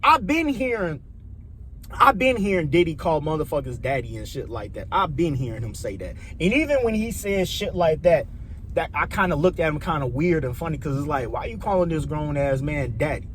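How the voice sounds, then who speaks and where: Animated Chicago man ranting profanely. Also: fairly high pitch, moderate pace, slight background noise. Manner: loose, profane, repeats himself, rambling. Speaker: vlogger. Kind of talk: casual opinion rant.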